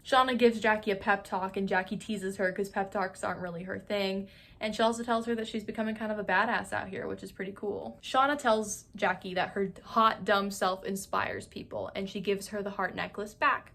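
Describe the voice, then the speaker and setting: A young woman casually recapping a TV show, animated and gossipy, with lots of "like" and frequent laughs. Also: mid-range voice, fairly quick. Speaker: YouTube TV recap host. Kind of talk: casual, chatty episode recap.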